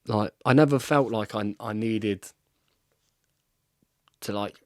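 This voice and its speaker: Bloke, 30s, low-ish voice, keeps saying mate, gets worked up, cuts his sentences off. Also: slow pace, dry recording, studio quality. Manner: excitable, says "mate" constantly, trails off mid-sentence. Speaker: podcast guest, rugby player. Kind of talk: casual chat, reacting to match footage.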